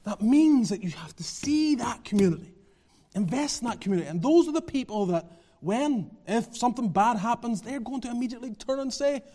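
A man preaching a sermon as pastor, swinging from low, quiet lines to loud, near-shouted ones and repeating phrases for emphasis. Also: expressive, fairly quick. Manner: passionate, rising to near-shouting then dropping low.

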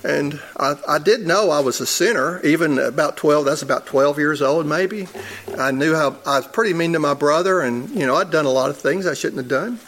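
A man's voice: a little high, moderate pace, fairly bright tone, a little hiss or hum. A man, a church elder, preaching a sermon in a conversational storytelling way and chuckling at his own stories.

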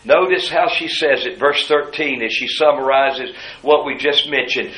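A man preaching a sermon, moving between hushed asides and loud, high-pitched emphasis. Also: moderate pace, few pauses, echoey room, rough recording. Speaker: pastor.

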